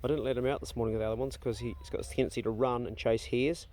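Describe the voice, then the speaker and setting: A man's voice: medium pitch, steady tone, very fast, few pauses, a little mellow. A man, talking casually to his phone as he walks around his farm garden. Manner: laid-back, chatty, swears casually, talks to his dogs. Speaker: farmer vlogger. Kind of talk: casual walk-and-talk vlog. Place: farm garden and dog kennels, outdoors. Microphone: phone held while walking.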